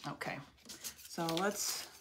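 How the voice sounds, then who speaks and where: A woman's voice: slow pace, background noise. Chatty woman demonstrating a craft live. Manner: chatty, friendly, talks while working. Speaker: craft channel host.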